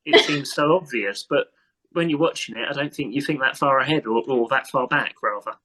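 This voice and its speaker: A man co-hosting a podcast, chatting casually with relaxed, reflective remarks. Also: mid-range voice, brisk, poor audio. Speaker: podcast co-host. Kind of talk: casual chat.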